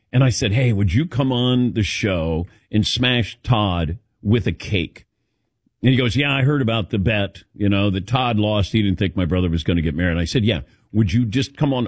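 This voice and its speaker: Male show host with an animated, swooping delivery, recorded dry and close. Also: on the low side, breathy edge, dry recording. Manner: animated storytelling, calls on co-hosts by name. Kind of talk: casual sports talk chat.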